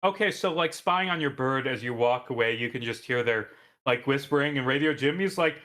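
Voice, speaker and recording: Bright-voiced man running a tabletop game. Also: medium pitch, a little fast. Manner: rambling, filler-heavy, swears casually. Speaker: dungeon master.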